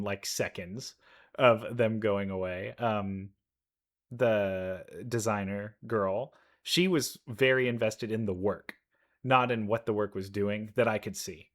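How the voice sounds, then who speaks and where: A young man casually reacting to game trailers, chatty and quick to laugh, with bursts of excitement. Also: lowish voice. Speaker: reaction video creator. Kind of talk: casual commentary while reacting to videos.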